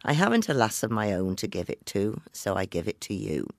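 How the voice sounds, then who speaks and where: A man voicing a sly old countrywoman who coaxes a girl into taking a strange gift, dropping now and then to a hushed whisper. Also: lowish voice, sing-song, a little fast, gravelly, dry recording, studio quality. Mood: coaxing. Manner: coaxing, knowing, half-whispered asides.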